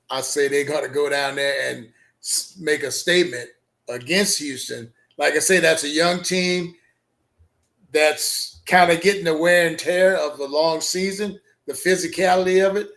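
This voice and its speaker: Dude on a sports talk stream, slightly high voice, calls his picks straight out. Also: fairly bright tone. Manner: confident and direct with his picks. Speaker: co-host.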